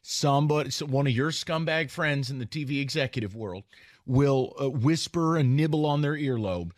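A man's voice: mid-range voice, normal speed, no echo, clean studio sound. Blunt, emphatic sports talk man. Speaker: sports talk show co-host. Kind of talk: lively sports debate.

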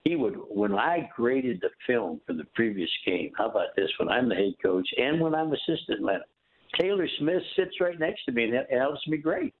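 An older man, a former football coach, telling stories in an interview in a folksy, animated way, acting out the other voices. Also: mid-range voice, moderate pace, a little hiss or hum. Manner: folksy, animated storytelling with quoted dialogue. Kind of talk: storytelling interview. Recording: tinny phone line.

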